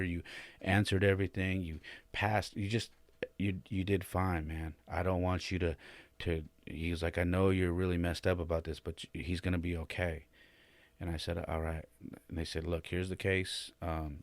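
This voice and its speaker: A man's voice: deep voice, dry recording. A podcast host, a man, telling a personal story in a rambling, casual way, with many restarts and repeated "man". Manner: rambling, many restarts and "man", rising and louder when emotional.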